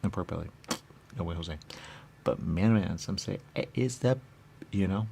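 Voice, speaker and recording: A radio host with a low, gravelly, dark-toned voice delivers a rambling, silly comic monologue at normal speed. He keeps asking and answering his own questions in repetitive loops, over a little hiss or hum.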